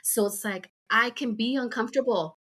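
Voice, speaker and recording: A woman's voice: a little high, normal speed, a bit bright. A middle-aged woman from the United States, a podcast guest, chatting casually and telling a rambling story full of fillers and asides. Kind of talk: casual chat.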